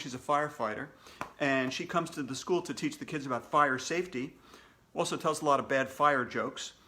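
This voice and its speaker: A man's voice: mid-range voice, bright, forceful tone. A man, a children's author, reading his own storybook aloud to kids in a playful way with jokey asides.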